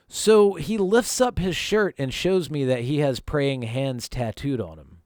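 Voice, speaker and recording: A man's voice: fairly high pitch, a little slow, few pauses, a little mellow, dry recording, clean studio sound. A man from North Carolina, a vlog host telling a personal story in a casual, profane, conversational way.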